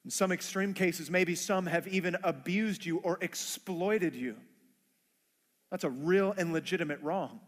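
A man's voice: high voice, measured pace, in a large hall. A man preaching a sermon who acts out everyday conversations in playful voices. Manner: acts out dialogue in funny voices. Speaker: pastor.

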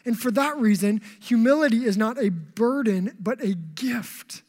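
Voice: medium pitch, a little slow, a little mellow. A pastor preaching a conversational sermon, with humorous asides. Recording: long reverb in a hall.

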